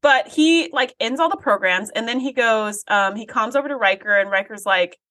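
A woman's voice: a little high, normal speed, fairly bright tone. A woman co-hosting a podcast, chatting casually and thinking aloud while quoting characters. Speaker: podcast co-host. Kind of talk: casual chat recapping an episode.

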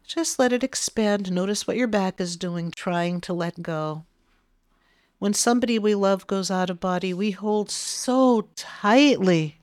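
A woman spiritual medium leading a guided meditation in a gentle, soothing way. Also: mid-range voice, no room sound, studio quality.

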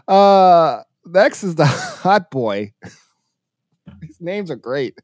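A male co-host in casual chat, laughing often and talking with many fillers, sounding tired from a rough week. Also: fairly high pitch, lively intonation, slow, dry recording, clean studio sound. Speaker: radio co-host.

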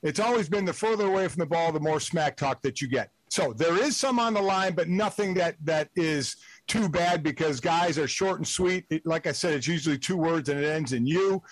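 Guest analyst: blunt ex-player man, higher voice, dry phone-in sound, rambling and emphatic. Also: normal speed, few pauses, no room sound, poor audio. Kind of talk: sports talk radio call-in. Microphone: phone line.

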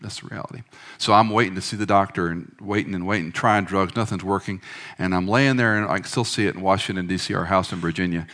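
Speaking fast and with a low pitch, a middle-aged pastor delivers a church sermon. He alternates forceful outbursts with soft, hushed passages.

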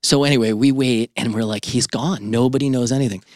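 A middle-aged man, an entrepreneur and podcast host, telling a lively anecdote in an interview and often checking in with "right?". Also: medium pitch, brisk, no room sound, clean studio sound.

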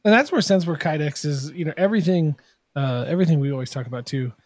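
A man's voice: on the high side, quick pace, no echo. Rambling man chatting on a podcast. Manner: rambling, self-deprecating, many fillers. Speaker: podcast guest, tool builder. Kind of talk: casual podcast chat.

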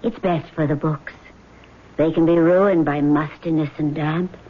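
An actress playing a vengeful female ghost in a 1970s radio drama, speaking slowly and sometimes whispering. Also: low voice, steady tone, slightly rough. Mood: cold, menacing. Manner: slow, measured, sometimes whispering. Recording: tinny old radio broadcast with faint hiss.

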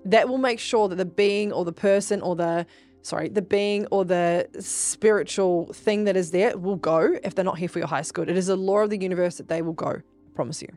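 A woman hosting a podcast, telling spiritual stories in a casual, animated way, swearing freely and speaking straight to her listeners. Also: lowish voice, fairly quick, faint music behind. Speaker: podcast host.

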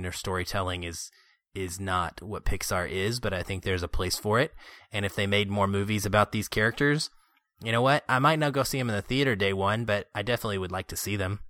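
Bright-voiced man chatting about movies. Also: fairly low pitch, no echo, clean studio sound. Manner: animated, excitable storytelling with filler words. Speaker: podcast host. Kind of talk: casual movie review chat.

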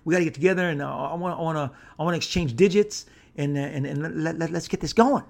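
A man putting on a laid-back young male rapper, talking in a hushed, relaxed drawl as he quotes him in a story. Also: a little high, quick pace, creaky.

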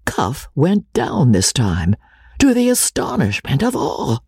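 A woman narrating a classic novel with lively, dramatic storytelling. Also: a bass voice, slow pace, husky, no echo, clean studio sound. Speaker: audiobook narrator.

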